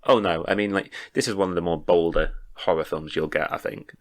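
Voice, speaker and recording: A man's voice: low voice, steady tone, a little fast. A man co-hosting a casual podcast chat, often stammering, repeating words and laughing between points. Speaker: podcast co-host. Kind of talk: casual chat about a film.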